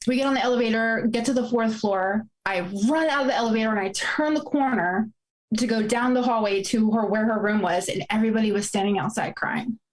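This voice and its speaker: A woman's voice: on the high side, a little fast, low-quality recording. Emotional woman in her forties. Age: 40s. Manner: emotional, fighting back tears. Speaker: guest. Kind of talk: personal storytelling.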